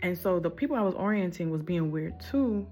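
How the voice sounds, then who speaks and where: A woman's voice: lowish voice, expressive, a little fast, warm tone. A woman telling a casual storytime in a candid, rambling, emphatic way, full of casual slang.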